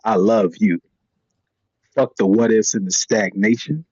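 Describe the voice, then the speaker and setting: A man performing spoken-word poetry as a guest, in a put-on extra-deep voice that is blunt and profane. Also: a little slow, darkish tone, husky, dry recording. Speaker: guest poet. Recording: dull lo-fi stream audio.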